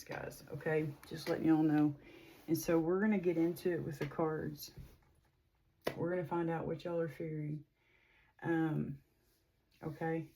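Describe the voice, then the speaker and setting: A middle-aged woman with a drawl chats with her viewers as a tarot reader. She rambles warmly, full of fillers and asides, and her voice sits low and mellow. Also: rough recording. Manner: chatty, rambling, with frequent fillers. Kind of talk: casual spiritual reading to viewers.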